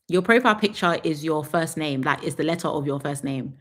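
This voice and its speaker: A woman's voice: low-pitched, a little fast, few pauses. Sassy chatty young woman. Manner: chatty, sassy, laughs often. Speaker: reality TV reviewer. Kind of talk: live review chat.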